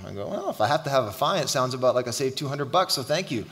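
Middle-aged male pastor, lively storyteller, bright edge, long church reverb. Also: mid-range voice, fast, few pauses. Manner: animated storytelling, shouting at the climax. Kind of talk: sermon. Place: church hall.

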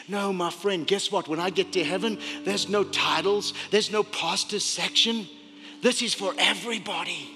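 A man preaching a sermon as pastor, swinging from loud urgent preaching to hushed, whispered prayer. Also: high-pitched, moderate pace. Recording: echoey hall with music behind.

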